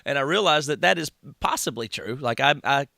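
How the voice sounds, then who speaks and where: A man's voice: medium pitch, expressive, fairly quick, gravelly, pushed and bright, no room sound, clean studio sound. A man with a Southern US accent, hosting a podcast in casual interview chat, easygoing and laughing often. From American South. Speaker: podcast host.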